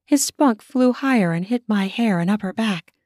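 Woman host-author reading her erotic story in first person; mid-pitched, dry, close mic. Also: animated, moderate pace, a little mellow, no echo.

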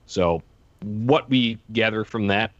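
Man, very low voice, podcast host, halting with lots of ums, dry muffled mic. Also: no room sound. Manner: hesitant, many ums, wraps up segments. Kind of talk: casual sports chat.

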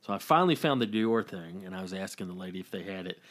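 A man's voice: sits low, expressive, fast talker, a bit bright. A male comedian co-hosting a podcast, telling rambling anecdotes in casual chat, with frequent profanity.

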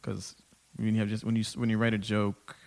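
A man's voice: fairly low pitch, little pitch movement, fairly quick, creaky, a little mellow. A man, a stand-up comic, talking frankly in a rambling, self-deprecating way. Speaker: stand-up comedian guest. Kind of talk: casual chat.

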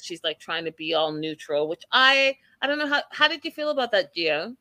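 A woman's voice: mid-range voice, moderate pace, no echo. A woman hosting a casual chat, animatedly recapping a reality show and acting out what people said. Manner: animated storyteller, acting out quotes with emphasis.

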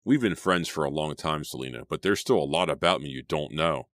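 Male narrator doing a bitter teen boy, very deep, sullen. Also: brisk, fairly bright tone, dry recording, clean studio sound. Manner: sullen, resentful. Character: bitter, moody teenage boy.

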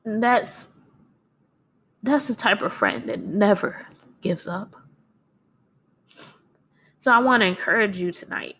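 Woman, mid pitch, gravelly fry, crying through an earnest faith talk. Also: very animated, takes it slowly, long pauses. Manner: earnest and encouraging, with soft laughs. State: tearful, crying. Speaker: speaker sharing faith. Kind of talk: personal devotional talk.

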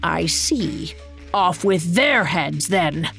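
A woman's voice: medium pitch, animated, a little slow, faint music behind. A woman voicing a haughty, hot-tempered queen of playing cards in a storybook reading, with an acid, imperious manner and clipped commands. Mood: cold, haughty.

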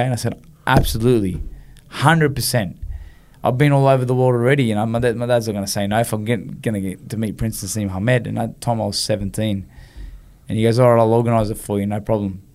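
An Australian man as an interview guest, telling stories casually and acting out the dialogue, with many "you know"s. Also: fairly low pitch. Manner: animated, acts out quoted dialogue, frequent "you know". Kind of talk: casual storytelling in conversation.

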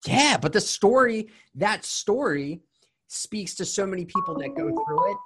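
A man's voice: sits high, lively intonation, unhurried, fairly bright tone, slightly rough, soft background music. A man in his forties hosting a podcast interview, telling personal stories candidly with many restarts. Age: 40s. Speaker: podcast host. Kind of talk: casual interview chat.

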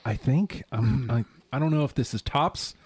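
A man's voice: mid-range voice, moderate pace, a little mellow, husky. A man co-hosting a podcast in casual chat, thoughtful and hedging as he explains at length. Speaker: podcast co-host.

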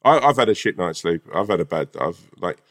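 A man's voice: low-pitched, animated, a little fast, a bit bright. A man, a comedian co-hosting a podcast, in laid-back casual chat with laughs and swearing.

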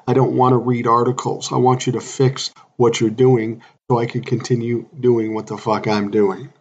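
A man's voice: mid-range voice, flat delivery, normal speed, darkish tone, breathy edge, muffled recording. Blunt profane man in his sixties. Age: 60s. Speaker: podcast host. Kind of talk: solo podcast rant.

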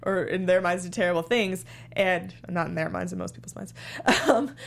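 A woman co-hosting a podcast in casual chat, relaxed and hedging, with many fillers. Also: on the low side, normal speed, creaky. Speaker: podcast co-host.

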